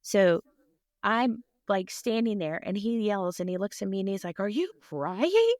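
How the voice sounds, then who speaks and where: A woman telling a personal story with animated energy, acting out other people's voices and laughing often. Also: mid-range voice, normal speed, no room sound, studio quality. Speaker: guest.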